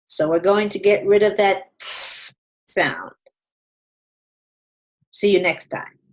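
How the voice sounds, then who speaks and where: A middle-aged woman gives an online Spanish lesson and pronounces drill words with an Ecuadorian Andean accent. Her pace is unhurried and measured, and each word gets its own moment. Between drills she shifts into friendly, chatty encouragement. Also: mid-range voice. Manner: slow, deliberate word-by-word modeling, then chatty encouragement. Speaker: Spanish teacher.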